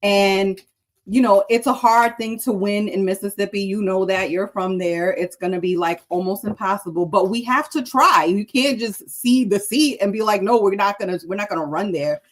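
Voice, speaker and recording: A woman co-hosting a casual political chat, giving her opinions in an earnest, fast-flowing way. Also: mid-range voice, fairly even intonation. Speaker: co-host.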